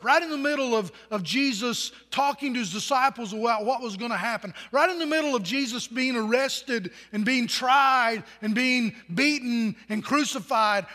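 A man's voice: extremely high pitch, bright, forceful tone, big-room sound. A man pastor preaching a sermon in a conversational way, asking the congregation questions.

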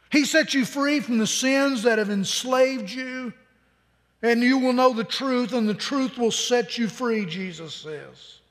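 A man's voice: extremely high pitch, fairly bright tone. A man preaching a sermon in an earnest, conversational way, often repeating words as he goes. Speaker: pastor. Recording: long hall reverb.

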